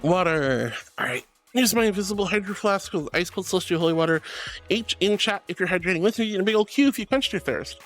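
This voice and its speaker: A woman's voice: lowish voice, animated, fast talker, faint music behind. A woman streaming live and chatting with viewers, bubbly and gushing, greeting people with pet names. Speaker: streamer reading chat. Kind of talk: casual live-stream chat.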